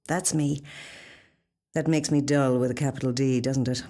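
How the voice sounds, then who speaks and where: A woman reading a short story in a wry, confiding, expressive first-person narration, recorded in a studio. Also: rumbling low, moderate pace, pauses often.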